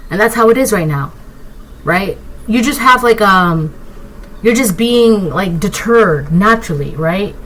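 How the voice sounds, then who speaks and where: A woman giving a casual collective tarot reading, rambling and excitable, often tagging her points with "right?". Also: medium pitch, a little slow, a little hiss or hum, low-quality recording. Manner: keeps asking "right?". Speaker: tarot reader.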